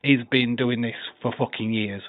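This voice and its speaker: A man's voice: medium pitch, steady tone, moderate pace, dry recording. Ranting man on a tinny line. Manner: ranting, sweary, exasperated rhetorical questions. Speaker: podcast host. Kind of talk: casual chat.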